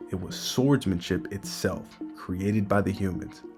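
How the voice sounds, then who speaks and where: A man's voice: low voice, measured pace, over music. A man giving an enthusiastic, speculative casual breakdown of a manga chapter.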